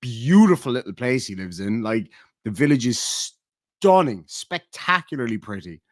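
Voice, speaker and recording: A man's voice: mid-range voice, sing-song, normal speed, dry recording, clean studio sound. A man telling a profane, sardonic story in a vlog rant. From Ireland. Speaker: YouTuber. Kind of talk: ranting vlog monologue.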